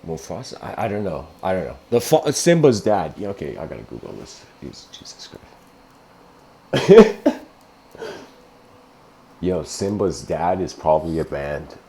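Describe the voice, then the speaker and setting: A man giving a casual spiritual lecture, telling a story in a rambling, animated way with frequent laughs. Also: deep voice, measured pace, vocal fry, long pauses. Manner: rambling, animated, laughs often, says "you know".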